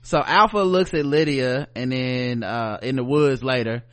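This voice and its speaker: A man's voice: medium pitch, measured pace, a bit bright, no room sound. A man co-hosting a podcast, retelling a show episode in loose, profane, casual chat. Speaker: podcast co-host.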